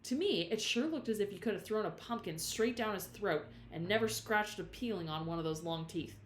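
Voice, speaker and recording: A woman's voice: mid-range voice, lively intonation, brisk, a little hiss or hum. A woman reading a novel aloud with expression, who stops now and then to explain words to her listeners. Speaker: storyteller. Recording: roomy echo.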